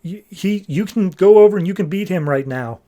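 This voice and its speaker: A man's voice: high-pitched, lively intonation, brisk, dark tone, pitched above the performer's own voice. A man voicing a wounded male hero in a comic recap, easygoing and brave, with a raised, strained voice.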